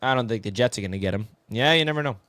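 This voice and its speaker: A man's voice: mid-range voice, very fast, fairly bright tone, no room sound. A man hosting a casual live sports talk stream, reading viewer comments and calling people "bro". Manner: chatty, answers viewer comments, says "bro" a lot.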